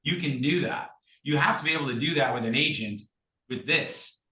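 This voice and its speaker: Emphatic bright-voiced man, echoey room. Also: mid-range voice, normal speed. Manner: animated, emphatic, acts out sample conversations. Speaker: guest speaker, recruiting coach. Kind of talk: energetic coaching talk on a video call.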